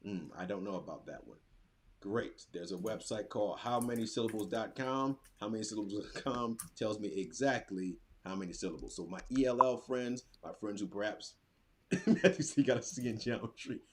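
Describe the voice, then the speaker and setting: Low-voiced man demoing a teaching tool. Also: a little fast, a little hiss or hum. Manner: casual, thinks aloud while clicking through a screen. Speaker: teacher presenter. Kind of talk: instructional webinar demo.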